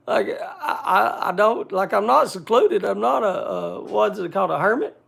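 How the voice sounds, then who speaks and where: A man speaking bluntly to a group in casual talk, halting often and restarting his sentences. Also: sits high, animated, vocal fry, a bit bright, husky. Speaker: speaker addressing a group gathering.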